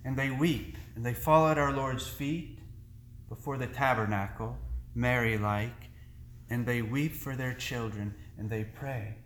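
A male priest delivers a sermon in a slow, measured, earnest way, pausing deliberately between phrases. His voice sits at an ordinary middle pitch. The church around him is roomy and echoing, with a faint hum of background noise. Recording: echoey church room.

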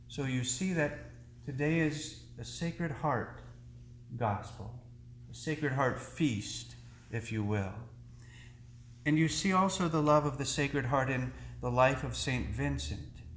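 Slow, earnest preaching man in echoey church. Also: medium pitch, slight background noise. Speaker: priest. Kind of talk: sermon.

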